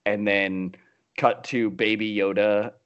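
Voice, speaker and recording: Low-voiced man on a dull lo-fi mic. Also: level tone, slow, fairly bright tone, clean tone. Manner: loose, hesitant summary with fillers. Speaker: podcast co-host. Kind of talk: casual chat. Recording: slightly dull lo-fi sound.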